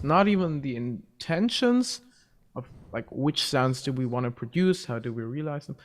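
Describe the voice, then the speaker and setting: A male guest on a video call, explaining step by step with many fillers. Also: a little high. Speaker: guest voice teacher.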